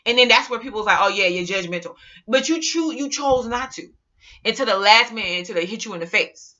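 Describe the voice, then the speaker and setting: A woman vlogger talking casually to her viewers in an animated, rambling, slangy way. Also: fairly high pitch, brisk, highs cut off. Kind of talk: casual monologue to camera.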